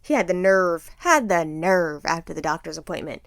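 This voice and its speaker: A woman's voice: fairly low pitch, expressive, normal speed, vocal fry, few pauses, dry recording, studio quality. A woman co-hosting a podcast in casual chat, blunt and emphatic, with plenty of cussing. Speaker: podcast co-host.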